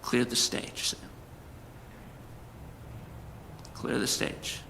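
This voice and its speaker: A man voicing a hushed, firm divine voice. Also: medium pitch, steady tone, slow pace, gravelly, in a large hall, a little hiss or hum, exaggerated voice.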